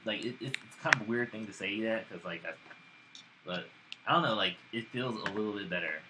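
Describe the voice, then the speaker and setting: A man's voice: lowish voice, a little fast. A man co-hosting a podcast, chatting casually about video games and rambling with lots of ums. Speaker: podcast co-host. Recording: noisy live room.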